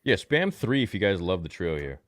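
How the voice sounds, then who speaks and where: A man's voice: deep voice, sing-song, a little fast, no room sound, clean studio sound. A man co-hosting a livestream, reading viewer chat aloud in a loose, upbeat way with casual swearing. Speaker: co-host reading live chat.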